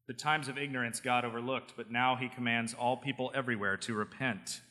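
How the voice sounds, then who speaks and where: A preacher reading an earnest apostle's address. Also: male voice, medium pitch, pushed and bright, big-room sound, lightly acted. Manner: measured, proclaiming read-aloud delivery.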